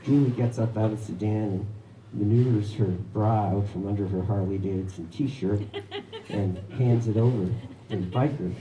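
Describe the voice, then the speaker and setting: A man's voice: fairly low pitch, fairly even intonation, moderate pace, warm tone, recorded from a distance. A man telling a personal story at a live story hour, wry and chuckling often. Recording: echoey room with background noise.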